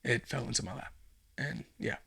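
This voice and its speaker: A man voicing a gruff male robber who talks in a hushed, low mutter. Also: animated, fairly quick, exaggerated voice. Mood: wistful. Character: gruff male home-invading robber, soft and nostalgic.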